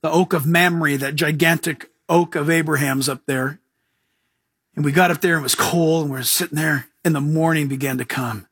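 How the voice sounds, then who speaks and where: A man preaching a sermon as pastor, telling stories with jokes and chuckles and mimicking other people in lively asides. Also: a little high, normal speed, breathy edge, dry recording, clean studio sound.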